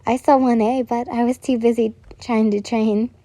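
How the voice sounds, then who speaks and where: A woman's voice: fairly high pitch, steady tone, normal speed, warm tone, dry recording, close to an everyday voice. A woman voicing a shy, flustered teenage girl hero student who stammers nervously.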